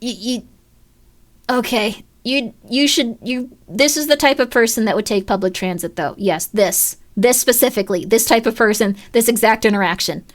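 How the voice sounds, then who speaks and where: A young woman streaming a horror game, talking in an animated, self-deprecating way with lots of fillers and rambling asides. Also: on the high side, normal speed. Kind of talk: live let's-play commentary.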